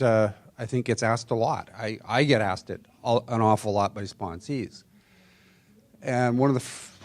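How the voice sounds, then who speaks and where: Candid man sharing at a meeting. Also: mid-range voice. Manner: candid, wry, mimics a nagging inner voice. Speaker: workshop attendee sharing. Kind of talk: personal sharing at a recovery meeting.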